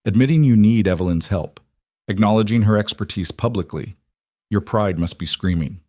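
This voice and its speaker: A man's voice: fairly low pitch, normal speed, dark tone, no room sound, studio quality, natural voice. A man voicing a shrewd, direct society wife who speaks bluntly. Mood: blunt candor.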